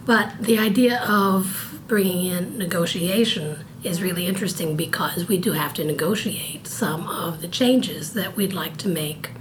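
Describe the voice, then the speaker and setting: An older woman with a cold speaks in a lowish voice. She answers interview questions precisely and thoughtfully, slipping in dry jokes. A steady hiss runs under the recording. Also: poor audio. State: stuffy from a cold. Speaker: guest, copy editor. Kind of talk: conversational interview.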